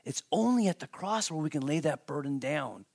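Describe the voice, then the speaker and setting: A male pastor delivering a sermon in a church, his voice sitting a little high for a man. He talks to the congregation conversationally, then lifts into emphatic, animated stretches. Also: moderate pace, gravelly. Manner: conversational preaching, rising to emphatic, animated asides.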